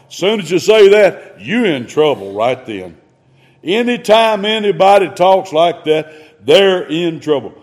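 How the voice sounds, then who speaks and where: A man preaching a sermon in a folksy, conversational way, swinging between loud emphasis and hushed asides. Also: sits high, very animated, measured pace.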